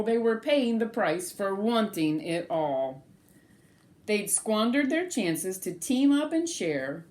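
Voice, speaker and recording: A woman reading a rhyming picture book aloud to children, animated and sing-song, stopping to ask the children questions. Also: medium pitch.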